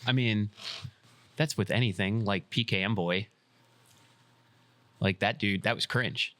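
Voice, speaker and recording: A man co-hosting a casual podcast, talking bluntly and swearing freely as he thinks out loud. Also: lowish voice, measured pace, dry recording. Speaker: podcast co-host.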